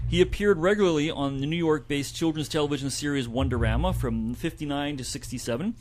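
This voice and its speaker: A man's voice: fairly high pitch, fairly quick, few pauses. A man co-hosting a community radio show, reading a report aloud with light asides. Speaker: co-host presenting a report.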